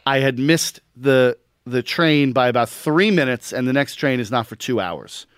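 A man's voice: medium pitch, expressive, normal speed, clear, resonant tone, no echo, studio quality. A man co-hosting a sports podcast, telling stories in a laid-back, wry way. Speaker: podcast co-host. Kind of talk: casual sports chat.

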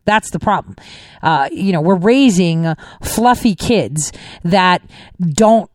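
A woman hosting a talk show, talking casually and animatedly, her pitch swooping up when she gets worked up. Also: lively intonation, takes it slowly, no echo.

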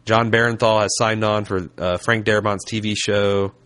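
A man's voice: on the low side, level tone, normal speed, fairly bright tone. A man from Indianapolis hosting a podcast, chatting casually in a blunt, wry way with a lot of swearing. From Indianapolis, USA. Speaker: podcast host. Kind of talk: casual chat.

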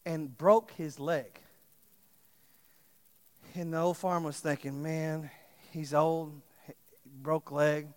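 Impassioned preacher man, high voice. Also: long reverb tail. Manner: swings from loud impassioned preaching to quiet storytelling. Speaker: pastor. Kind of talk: sermon.

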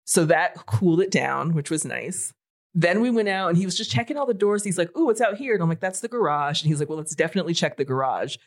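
A woman in her forties telling a story in casual podcast chat, animated and swearing freely. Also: on the low side, fast talker. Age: 40s. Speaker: podcast co-host.

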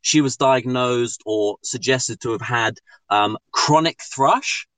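A man's voice: medium pitch, slow, fairly bright tone, dry recording. A man in his twenties with a southern English accent, a guest chatting casually on a podcast with cheeky, joking asides. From southern England. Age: 20s.

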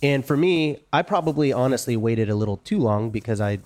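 Animated man telling a story. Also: medium pitch, fairly quick. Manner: animated storyteller, laughs and acts out quotes. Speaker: podcast host. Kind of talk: casual conversation.

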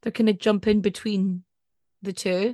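A woman's voice: mid-range voice, little pitch movement, moderate pace, dark tone, dry recording, clean studio sound. A Scottish woman hosting a podcast in casual chat. She is chatty and digressive and laughs often. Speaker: podcast host.

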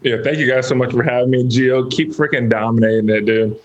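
Guy athlete on a podcast, mid-pitch voice, relaxed, laughs along. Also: brisk, dull audio. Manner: easygoing, laughs along, storytelling. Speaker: guest, pro football player. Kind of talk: casual podcast interview.

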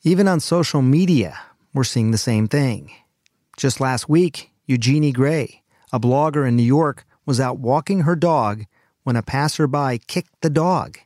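A man hosting a news podcast, reading a scripted narration in a calm, measured, earnest way. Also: mid-range voice, dry recording, clean studio sound. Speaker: medical correspondent and podcast host.

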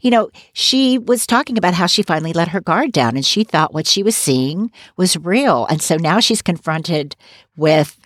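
Lively, opinionated woman podcast co-host. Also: lowish voice, normal speed, dry recording, studio quality. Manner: opinionated, animated, laughs while talking. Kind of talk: casual recap chat.

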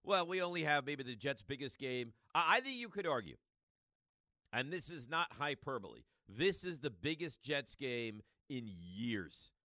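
Man, sports radio host, emphatic monologue, repeats himself for effect, tense bright tone. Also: medium pitch, sing-song, moderate pace, no echo.

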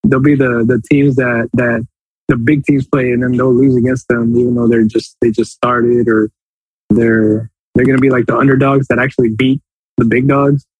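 A man with a husky, slightly rough voice, co-hosting a sports podcast. He rambles, circles back over his own phrases and lets sentences trail off. The recording is dry and close. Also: mid-range voice, little pitch movement, moderate pace, darkish tone, dry recording, poor audio. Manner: rambling, repeats himself, trails off mid-thought. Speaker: podcast co-host. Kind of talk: casual sports podcast chat.

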